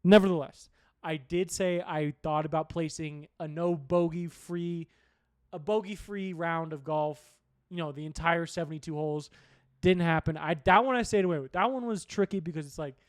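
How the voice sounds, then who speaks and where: A young male sports podcast host with a slightly high voice chats casually about the weekend's golf. He rambles, restarts and swears freely. The recording is dry, with no room sound. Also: moderate pace, clean tone, no echo. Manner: rambling, profane, conversational recap.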